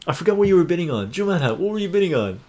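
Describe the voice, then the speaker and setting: On a casual live stream, a high-voiced man races through a points auction, calling bids like an excited auctioneer. He chats upbeat with viewers and reads their comments aloud.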